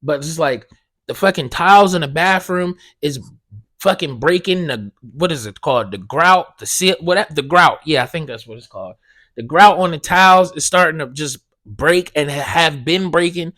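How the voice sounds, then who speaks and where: A man's voice: fairly high pitch, moderate pace, sharp tone. A man hosting a podcast, telling a heated, profane story and acting out both sides of the conversation. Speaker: podcast host. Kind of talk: casual ranting monologue.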